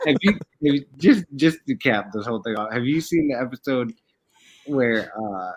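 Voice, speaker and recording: A man's voice: medium pitch, big pitch swings, normal speed, husky, low-quality recording. A man co-hosting a casual podcast chat, telling rambling, profane stories. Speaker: podcast co-host.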